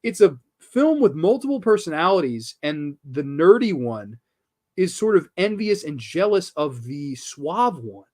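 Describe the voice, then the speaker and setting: A man's voice: fairly high pitch, sing-song, a little slow, a little mellow. A man hosting a horror film review show, talking casually and enthusiastically, with casual swearing and lots of restarts.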